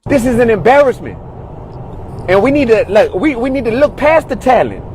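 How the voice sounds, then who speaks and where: Brief: exasperated male ranter in a car, high voice that swings widely, repetitive and heated. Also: very animated, normal speed, a little mellow, slight background noise, rough recording. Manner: exasperated, repeats "God, dog, bro". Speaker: commentator in a social media video. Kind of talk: heated rant.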